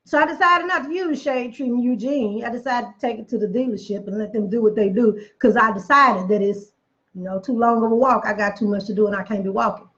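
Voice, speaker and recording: A woman's voice: on the high side, fairly quick, a bit bright, muffled recording. A woman giving a casual motivational talk, emphatic and preachy, repeating phrases for effect, with chatty folksy asides. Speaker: motivational speaker.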